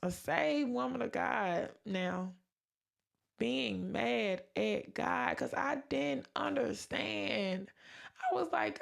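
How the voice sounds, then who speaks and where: Gravelly-voiced woman sharing a faith testimony. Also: a little high, measured pace. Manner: earnest and emotional, acting out her own past words. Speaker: podcast host.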